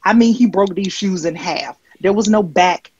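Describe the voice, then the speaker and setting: A woman comedian doing a stand-up set, deadpan and rambling with filler ums. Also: mid-range voice, moderate pace, slightly rough, lo-fi sound. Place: comedy stage.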